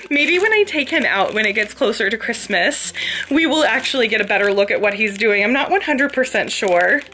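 A woman's voice: a little high, sharp tone, a little hiss or hum. A young adult woman vlogging casually about her shopping haul, gushing and chatty, laughing often.

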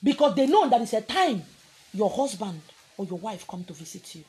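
A woman's voice: mid-range voice, big pitch swings, normal speed, a little mellow, breathy edge. A woman with a Nigerian accent, preaching as a spiritual teacher in a scolding, confrontational way. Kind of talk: preaching to an audience.

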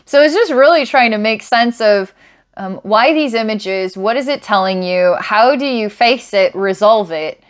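A woman's voice: a little high, animated, unhurried. Enthusiastic woman giving a casual psychic reading. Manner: enthusiastic, laughs often, thinks aloud. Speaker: psychic reader.

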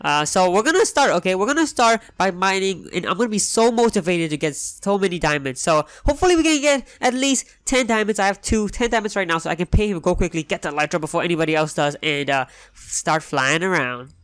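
A young man hosting a Minecraft let's play, talking in an excitable, rambling way. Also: high-pitched, brisk, clear, resonant tone, no room sound, studio quality. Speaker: gaming channel host.

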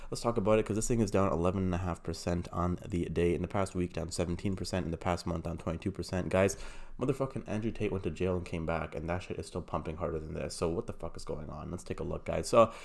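Brash, hyped-up man with a lowish voice. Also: fairly even intonation, fast, vocal fry, a little mellow. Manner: puts on an unnamed mock accent. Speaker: crypto channel host. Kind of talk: casual hype commentary.

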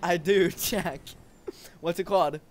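A young man chatting with friends while racing in a video game, laughing a lot and loudly outraged when he loses. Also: sits high, steady tone, measured pace, slight background noise. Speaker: gamer host. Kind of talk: casual gaming chat with friends.

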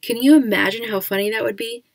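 A woman reading aloud, voicing a playful father who teases and jokes excitedly. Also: medium pitch, moderate pace, creaky, dry recording. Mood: teasing. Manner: excitable, teasing.

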